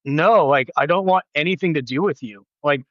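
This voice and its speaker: A man in his thirties, a podcast guest telling a story in casual chat, animated and acting out quoted voices with big pitch jumps. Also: normal speed, no echo, highs cut off.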